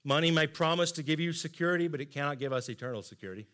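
A middle-aged man preaching a sermon, earnest and emphatic, often dropping to soft asides. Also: fairly high pitch, very fast. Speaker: pastor.

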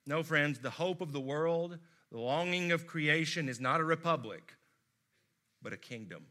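An American man preaching a sermon, telling stories expressively and swinging from loud emphasis to hushed tones. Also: fairly high pitch, normal speed. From United States. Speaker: pastor.

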